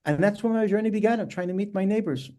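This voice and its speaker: A middle-aged man from New York, a rabbi telling his story as a guest in a podcast interview, in an earnest, measured way. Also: high voice, dark tone.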